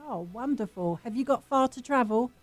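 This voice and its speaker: A woman's voice: fairly high pitch, lively intonation, moderate pace, no room sound, faint music behind. A woman co-hosting a radio show, chatting with callers in a polite put-on British manner. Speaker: radio co-host and judge. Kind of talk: radio call-in chat.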